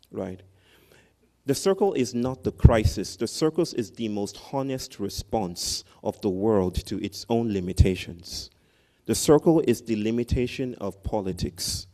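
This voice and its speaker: A man with a fairly low, warm, mellow voice gives a commencement address from a podium microphone. He talks to the crowd as a storyteller and keeps checking in with a quick "right?". He is speaking under a large tent at an outdoor ceremony. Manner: animated storyteller, tags lines with "right?". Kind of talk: storytelling speech to an audience.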